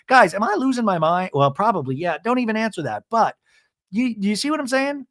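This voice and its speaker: A man's voice: very high voice, very animated, moderate pace, fairly bright tone, no room sound, studio quality. A man hosting a comedic TV recap podcast, rambling and sarcastic. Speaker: podcast host.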